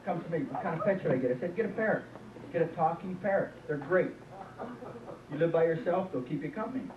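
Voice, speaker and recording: A man's voice: a little high, expressive, fast, recorded from a distance, noisy background. A man doing a stand-up comedy set in a small club, telling folksy jokes with lots of "uh" and "he says". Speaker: stand-up comic. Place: small club, live audience. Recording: echoey lo-fi club tape from afar.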